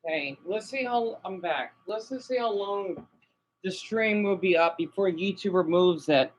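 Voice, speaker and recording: With slight background noise behind him, a man with a high voice livestreams a rambling, unscripted vlog from home. Upset and exhausted, he stumbles along, says things twice and keeps adding "okay?".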